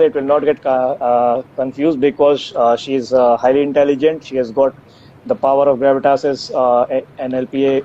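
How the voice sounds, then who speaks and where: In a live Q&A, a man who co-founded a tech company responds to questions from the audience, stumbling through fillers and restarts. He has a dark-toned, mid-range voice, captured in dull, lo-fi stream audio with faint noise.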